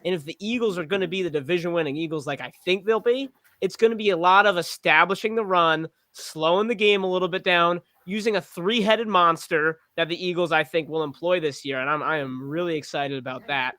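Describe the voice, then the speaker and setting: A man in casual sports chat, animated and rambling, with lots of fillers. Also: high voice, a little fast, hardly any pauses, no room sound. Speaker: podcast panelist playing a witness.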